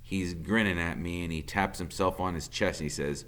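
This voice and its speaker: A man's voice: sits low, fairly even intonation, moderate pace, very noisy. A male teacher reading a novel aloud in a plain storytelling voice.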